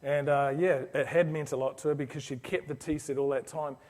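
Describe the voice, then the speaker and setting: A man's voice: on the high side, steady tone, brisk, darkish tone. Earnest man telling a story to an audience. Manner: earnest, anecdotal, frequent restarts. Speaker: business speaker presenting to an orthodontics audience. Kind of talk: motivational talk with storytelling. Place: presentation to a live audience.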